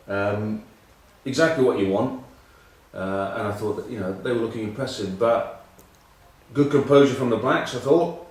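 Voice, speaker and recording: A man's voice: mid-range voice, a little mellow, heavy reverb, recorded from a distance, poor audio. A middle-aged English man telling rambling, self-mocking rugby stories in casual chat. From England. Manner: rambling, self-mocking anecdotes with many ums. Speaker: rugby pundit.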